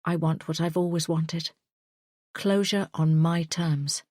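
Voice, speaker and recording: A woman narrating a thriller audiobook in a tense, measured first-person storytelling style on a close studio mic. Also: low-pitched, steady tone, a little mellow, dry recording.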